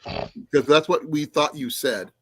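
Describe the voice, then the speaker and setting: A man's voice: a little high, expressive, takes it slowly. A man co-hosting a casual podcast chat, rambling and laughing often. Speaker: co-host.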